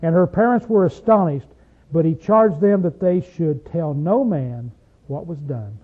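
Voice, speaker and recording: A man preaching a sermon, asking his listeners questions and swinging between loud stretches and hushed ones. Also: a little high, expressive, a little slow. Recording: tinny phone-like sound.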